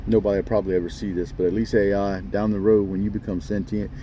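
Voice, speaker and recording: A man's voice: on the low side, little pitch movement, quick pace, dull audio, a little hiss or hum. A man ranting straight at his viewers in a blunt, scolding way, often pressing them with "okay?". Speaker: vlogger addressing viewers. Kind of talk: ranting monologue to camera.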